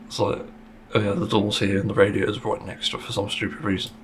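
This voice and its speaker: A man's voice: fairly low pitch, monotone, fast, a bit bright, a little hiss or hum. A man hosting a casual solo podcast monologue, speaking bluntly and frankly, with plenty of swearing and the odd sarcastic aside. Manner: sarcastic at times. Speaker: podcast host.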